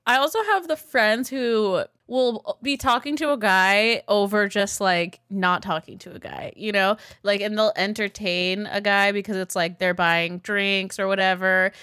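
A young woman co-hosts a casual podcast chat in a smooth, clear voice. She talks quickly and chattily, filling her sentences with "like", and the sound is dry and close. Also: mid-range voice, sharp tone, no echo. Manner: quick, chatty, heavy use of "like". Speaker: podcast co-host.

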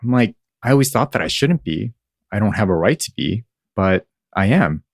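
A man's voice: fairly low pitch, expressive, normal speed, creaky, no echo, studio quality. A man talking as a guest in casual conversation, reflective and laughing now and then. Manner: reflective, laughs while he talks.

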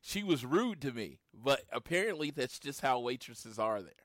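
A man's voice: mid-range voice, normal speed, no echo. Dry-sounding man in his thirties telling stories. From Oklahoma. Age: 30s. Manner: storytelling, animated retelling of encounters. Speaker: podcast co-host. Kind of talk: casual chat.

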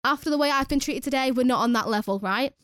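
A woman's voice: sits high, fast talker, fairly bright tone, dry recording. Young woman, rants and swears freely, dry close sound. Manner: sweary, exasperated ranting. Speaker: nursery worker. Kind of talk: casual storytelling chat.

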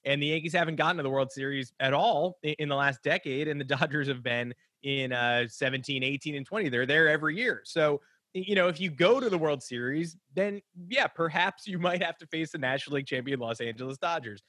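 Sports podcast co-host, male, slightly high pitch, loose jokey delivery. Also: a little fast, sharp tone, dry recording. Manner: rambling, jokey, many restarts and fillers. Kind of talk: casual sports chat.

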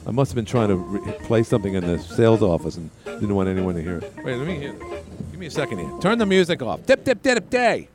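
A male talk radio host chats loosely on air, his pitch rising and falling a lot as he goes. He rambles, stumbles and restarts his sentences, and he talks over his callers. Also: big pitch swings, quick pace, music in the background. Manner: interrupts callers. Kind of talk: casual talk radio chat.

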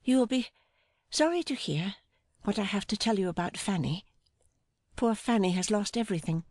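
A woman reading the part of a gentle, timid young woman, speaking softly and hesitantly with deep affection. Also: expressive, moderate pace, dry recording, clean studio sound, close to an everyday voice. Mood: tender. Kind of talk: audiobook dialogue reading.

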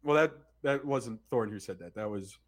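A man's voice: medium pitch, moderate pace. A profane, ranting man on a podcast. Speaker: podcast co-host. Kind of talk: casual sports podcast chat.

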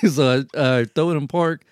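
A man's voice: medium pitch, brisk, darkish tone, dry recording, studio quality. A man telling a wild story in casual, profane podcast chat, acting out the quotes. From Houston, Texas.

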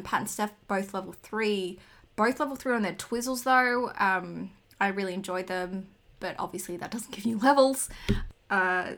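A woman's voice: medium pitch, a bit bright. A young woman co-hosting a podcast, chatting casually with opinionated asides. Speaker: podcast co-host. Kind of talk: casual chat, figure skating commentary.

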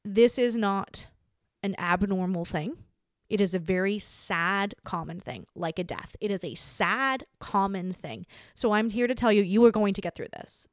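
A woman's voice: mid-range voice, unhurried, no echo, clean studio sound. A woman hosting her own podcast, talking candidly and animatedly in a casual chat straight to listeners. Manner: chatty, candid, animated, with frequent filler "like". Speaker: podcast host.

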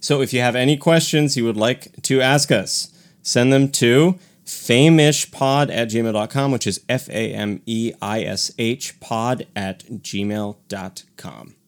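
A man's voice: medium pitch, slow, smooth. A man co-hosting a podcast in casual chat, musing aloud and correcting himself in a playful way. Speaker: podcast co-host and band member.

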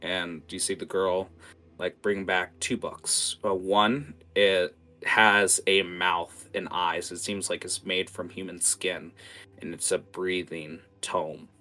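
A man's voice: deep voice, level tone, takes it slowly, bright, forceful tone. A man narrating a tabletop game as game master, casual and full of fillers and restarts.

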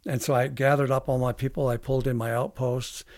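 Gravelly man telling war stories. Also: mid-range voice, flat delivery, darkish tone, no room sound, clean studio sound. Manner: halting, with frequent restarts and fillers. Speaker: podcast guest, war veteran. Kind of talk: casual storytelling interview.

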